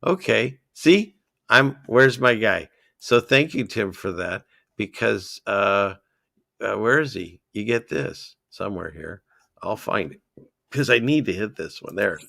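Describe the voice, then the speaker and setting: A man hosting a livestream, chatting casually and excitably as he reads out viewer comments and drifts between topics. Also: on the low side, measured pace, vocal fry, dry recording, studio quality. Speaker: livestream host.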